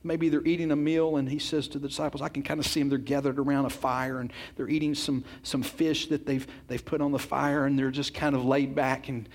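A man's voice: mid-range voice, level tone, fairly quick, hardly any pauses. A man preaching a sermon, earnest and emphatic, often repeating words as he goes and putting questions straight to his congregation. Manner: addresses the congregation directly with questions.

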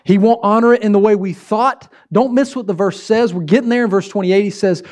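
A man's voice: sits high, fairly quick, few pauses, a little mellow. A pastor preaching a sermon, exhorting with repeated emphatic phrases and shifting his pace for effect.

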